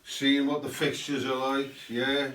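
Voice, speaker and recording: A man's voice: mid-range voice, flat delivery, a little slow, a bit bright. A man giving a rambling satirical political monologue, full of tag questions. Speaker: host. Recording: roomy, mic at a distance.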